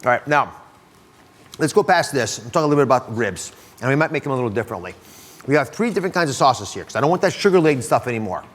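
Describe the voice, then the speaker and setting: Brisk upbeat male talk show host. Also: mid-range voice, animated. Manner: upbeat, brisk, chatty with guests. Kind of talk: energetic studio talk show hosting.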